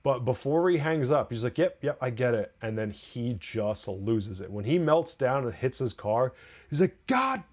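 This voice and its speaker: Male podcast host, mid-pitch, chatty and excitable, rambling review voice with many restarts. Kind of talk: casual spoken review.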